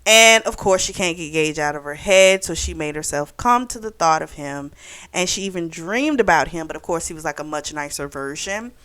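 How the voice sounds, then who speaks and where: A woman's voice: deep voice, animated, moderate pace, a bit bright. A young woman recapping a novel for her book club channel, talking casually with lots of "like" and "you know". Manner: chatty, full of "like" and "you know".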